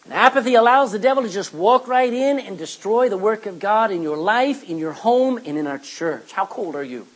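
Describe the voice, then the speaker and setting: Animated husky male preacher. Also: high voice, moderate pace, hardly any pauses, poor audio. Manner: animated, quoting scripture and acting out asides. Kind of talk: sermon.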